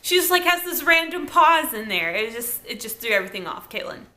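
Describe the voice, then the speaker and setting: A woman's voice: fairly high pitch, very animated, fairly quick, bright, forceful tone. A woman reviewing a TV episode in a casual, chatty recap full of asides and "like". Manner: chatty, lots of "like", laughs and asides. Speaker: TV show reviewer.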